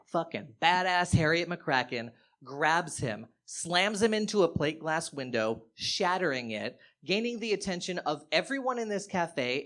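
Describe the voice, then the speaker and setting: A man performing stand-up comedy on stage, telling a story in an animated, profane way with sudden loud outbursts. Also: on the high side. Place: live stage show.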